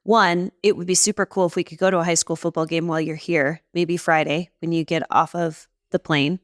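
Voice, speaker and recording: Playful female podcast co-host, low-pitched. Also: fairly even intonation, no echo, studio quality. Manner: playful, teasing, quick interjections. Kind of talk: casual chat.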